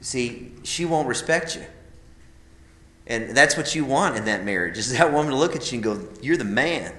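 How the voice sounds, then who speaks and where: A man's voice: medium pitch, expressive, moderate pace, a bit bright, roomy sound. A man teaching a live class of men conversationally, emphatic, calling them "guys" and asking rhetorical questions. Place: classroom or meeting room.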